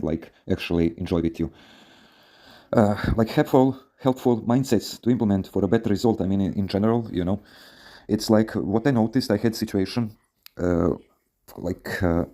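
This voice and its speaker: Low, dark-voiced man rambling with fillers. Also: fairly quick. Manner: rambling, many fillers, frequent swearing. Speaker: podcast host. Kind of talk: casual storytelling advice podcast.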